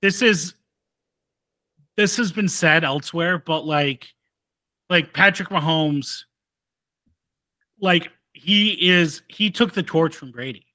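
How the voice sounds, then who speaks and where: A man's voice: fairly high pitch, slow pace, pauses often, sharp tone, no room sound. A man co-hosting a casual sports podcast who tells jokey bits and curses now and then. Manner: joking, storytelling, swears. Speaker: podcast co-host.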